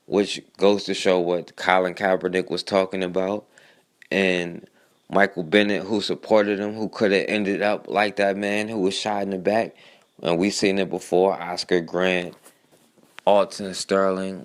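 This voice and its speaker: A man with a low voice hosts a talk radio show. He delivers his commentary in an earnest, steady, flat tone, addressing his listeners directly.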